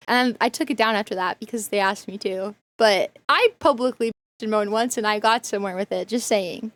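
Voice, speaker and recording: A woman's voice: on the high side, fairly quick, few pauses, no echo. Chatty rambling woman streamer. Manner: rambling storyteller, many fillers. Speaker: streamer reacting to a video. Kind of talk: casual chat.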